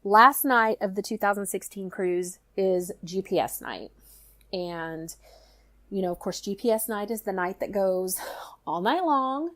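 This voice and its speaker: A middle-aged woman tells a personal story in casual chat, animated and full of "you know" fillers. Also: medium pitch, unhurried. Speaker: guest storyteller, mother.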